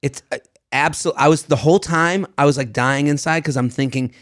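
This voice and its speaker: A man's voice: fairly high pitch, a little fast, fairly bright tone. A man from the Boston area co-hosting a podcast, joking around in casual chat. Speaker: podcast co-host.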